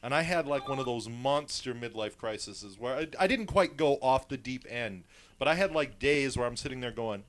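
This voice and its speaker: A man's voice: mid-range voice, moderate pace, a bit bright. A man in his thirties in a radio studio, talking emphatically and profanely, with stammering restarts. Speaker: studio regular on talk radio. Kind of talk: casual studio chat.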